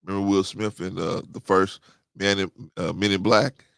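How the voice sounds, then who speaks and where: A man's voice: flat delivery, moderate pace, creaky, fairly bright tone, smooth, no room sound, clean studio sound. A man casually reading and joking through scripture as host, laughing often and preaching in bursts. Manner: preachy storytelling with sudden pitch jumps. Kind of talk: casual comic Bible commentary.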